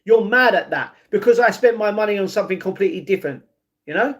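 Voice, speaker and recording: A man's voice: sits high, expressive, fast talker, fairly bright tone. A young man chatting casually on a livestream, reading and answering his chat, often adding "you know what I mean". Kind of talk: casual live-stream chat.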